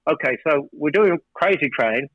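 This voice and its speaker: A man's voice: on the high side, moderate pace, no echo. Man telling a studio story on a muffled line. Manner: animated storyteller, acts out studio exchanges. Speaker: record producer guest. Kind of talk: storytelling interview.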